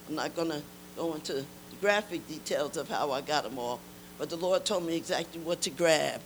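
A woman's voice: low-pitched, normal speed, slight background noise, poor audio. An older woman giving an emotional church testimony, emphatic and repeating key lines to urge her listeners.

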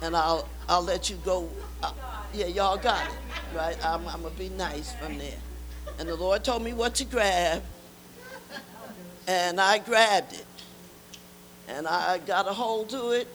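A woman's voice: lowish voice, unhurried, long pauses, background noise. An older woman giving an emotional church testimony, emphatic and repeating key lines to urge her listeners.

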